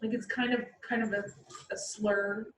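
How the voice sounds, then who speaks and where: A woman chatting casually and explaining animal behavior, acting out the animals' thoughts in lively asides. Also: mid-range voice, moderate pace. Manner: lively, acts out animals' inner voices. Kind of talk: casual chat. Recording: roomy echo, far from the mic, faint background noise.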